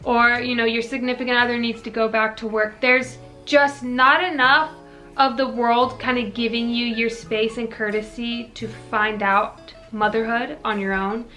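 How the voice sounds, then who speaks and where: Bright-voiced chatty young woman vlogger. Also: fairly high pitch, fairly even intonation, normal speed. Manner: chatty, earnest, peppered with "like" and "you know". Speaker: fitness vlogger answering viewer questions. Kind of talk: casual Q&A chat to camera. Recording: faint music behind.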